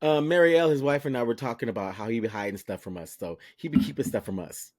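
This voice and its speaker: A man's voice: mid-range voice, quick pace, darkish tone. A man co-hosting a podcast in casual chat, playful and teasing, laughing often. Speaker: podcast co-host.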